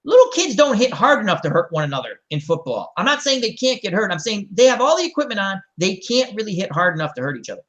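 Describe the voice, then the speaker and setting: A man's voice: sits high, fast talker, few pauses. A middle-aged man, hosting a casual chat and telling rambling anecdotes. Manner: animated, rambling anecdotes with mimicked voices. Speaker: host.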